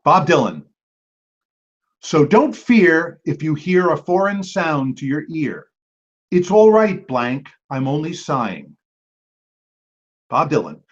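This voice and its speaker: Quiz host, male, slightly high voice, chatty, repeats clues, dull lo-fi audio. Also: lively intonation, a bit bright, husky. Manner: chatty, repeats each clue, quick asides and apologies. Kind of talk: reading trivia questions and chatting with teams. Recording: dull lo-fi recording.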